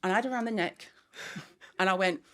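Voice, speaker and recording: A middle-aged woman guest with a mixed Scouse and West London accent, telling a family story in animated, blunt chat and swearing freely. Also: mid-range voice, fairly quick. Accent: Scouse and West London mix. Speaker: guest, skincare founder.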